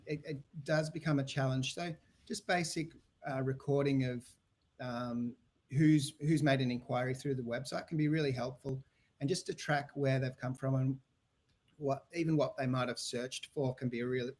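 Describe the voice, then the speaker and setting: A man's voice: medium pitch, darkish tone. An Australian man answering podcast interview questions about websites and sales, talking in a loose way full of restarts and fillers. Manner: rambling, frequent restarts and fillers. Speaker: guest, website business owner.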